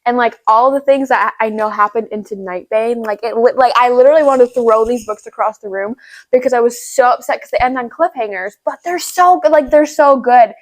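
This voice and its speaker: A woman's voice: fairly high pitch, brisk. A young woman chatting casually about upcoming books, gushing and full of "like" and "right?". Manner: gushing, filler-heavy with lots of "like" and "right?". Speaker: book vlogger. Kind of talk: casual chat.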